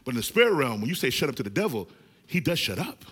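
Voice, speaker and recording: A man in his forties preaching a lively sermon, calling on the congregation to shout responses. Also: mid-range voice, fast talker, slightly rough, long reverb tail. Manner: animated, calls for congregation responses. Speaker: pastor.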